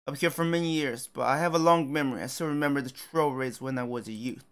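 A man's voice: mid-range voice, fast, a bit bright, clean tone, natural voice. A man voicing a suspicious, sarcastic male human commander who speaks in an accusing way.

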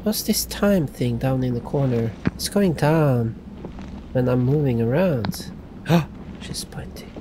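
A man doing let's play commentary, excitable and laughing often, dropping from loud yelps to hushed talk. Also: medium pitch, takes it slowly, background noise. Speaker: gaming YouTuber.

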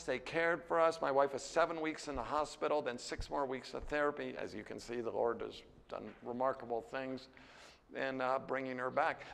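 A man's voice: vocal fry, long reverb tail. American man lecturing on scripture, candid. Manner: candid, conversational, with frequent "right?" and "you know"; lively, jumps higher when animated. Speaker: seminary teacher. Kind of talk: classroom Bible lecture.

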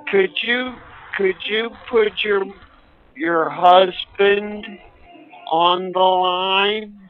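A man with a gruff, crude way of talking, calling out on a phone line. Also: high voice, steady tone, very slow. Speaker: prank call soundboard voice. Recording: dull lo-fi recording.

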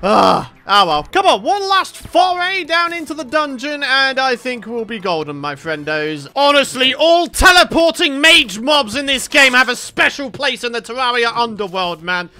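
A young man narrates his game session with lively, wide-ranging pitch and a bright, sharp tone. He chats to viewers and often bursts into exasperated complaints at the enemies. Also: normal speed, few pauses. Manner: animated, exasperated outbursts at enemies. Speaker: gaming YouTuber. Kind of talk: let's play commentary.

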